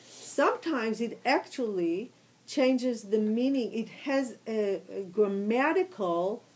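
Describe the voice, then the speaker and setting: A woman's voice: mid-range voice, darkish tone, rough recording. A woman teaching a class, explaining patiently and step by step. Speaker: trope teacher.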